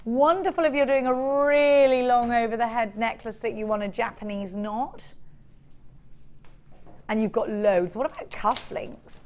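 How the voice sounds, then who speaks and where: Bubbly high-voiced shopping host. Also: female voice, expressive, normal speed. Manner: chatty, upbeat, bubbly selling. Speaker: shopping channel presenter. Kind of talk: live TV sales patter.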